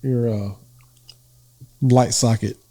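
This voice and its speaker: A man's voice: mid-range voice, fairly even intonation, slow, mellow. A man with a Southern accent, co-hosting a podcast in a joking, storytelling manner. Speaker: podcast co-host. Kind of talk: casual chat.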